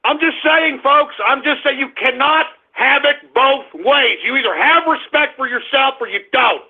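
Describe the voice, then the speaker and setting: A middle-aged man hosting a radio show, ranting angrily and often breaking into shouts. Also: extremely high pitch, moderate pace. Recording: tinny phone-like audio.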